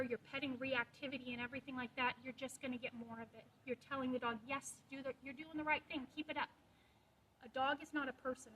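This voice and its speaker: A woman's voice: high-pitched, a bit bright, a little hiss or hum, low-quality recording. A woman dog trainer giving a practical, direct lesson, explaining with quoted examples. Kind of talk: instructional talk to camera.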